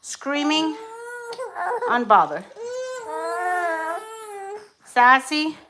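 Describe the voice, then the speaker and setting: A woman's voice: sits high, very animated, drawn-out words, noisy background. A young woman vlogging as a mother of quadruplets, chatting casually and switching to soothing baby talk. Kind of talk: casual vlog chat.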